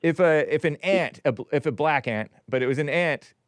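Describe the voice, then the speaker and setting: A man's voice: on the high side, expressive, normal speed. A man hosting a call-in show, chatting casually and agreeably, chuckling often.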